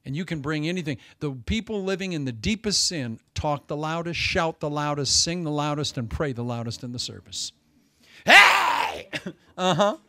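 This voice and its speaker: Male pastor, Sunday sermon, higher-pitched voice, dry close sound, swings loud and soft. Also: brisk, hardly any pauses, no room sound. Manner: animated preaching, swinging between loud emphasis and hushed asides.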